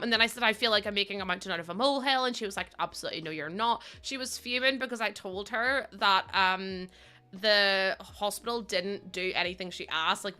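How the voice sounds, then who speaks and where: A woman's voice: mid-range voice, pushed and bright, smooth. A young adult woman streaming live, chatting casually and giggling as she thanks viewers by name. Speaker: game streamer.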